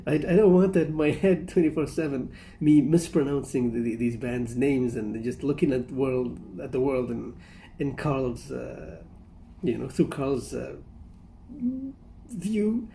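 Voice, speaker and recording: A man's voice: medium pitch, unhurried, creaky, dark tone, a little hiss or hum. A man hosting a casual reaction commentary, rambling and amused, often breaking into laughter. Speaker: reaction video host.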